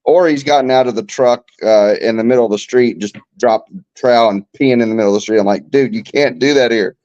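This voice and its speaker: A man's voice: mid-range voice, brisk, darkish tone. Jokey guy chatting, kinda muffled lo-fi audio. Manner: joking, chiming in with quips. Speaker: podcast co-host. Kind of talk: casual chat. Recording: dull lo-fi sound.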